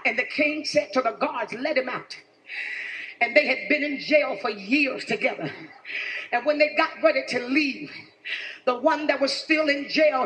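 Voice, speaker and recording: A woman preacher delivering a fervent revival sermon, calling out to the congregation and building to shouts. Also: high-pitched. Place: large church at a revival service. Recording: echoey sanctuary with organ music.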